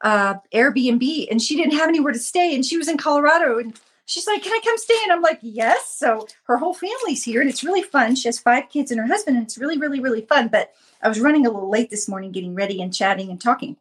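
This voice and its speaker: This Christian mom channel host, a woman in her fifties, has a slightly high, expressive, slightly rough voice and speaks fast. Her casual devotional talk to viewers is earnest and chatty, with frequent repetition.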